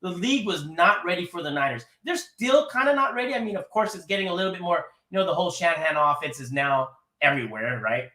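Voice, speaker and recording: A man calling in to a sports show, rambling and animated, often laughing as he talks. His voice is high and bright, and it rings in an echoey room. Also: quick pace, hardly any pauses. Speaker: caller. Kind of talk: casual sports talk.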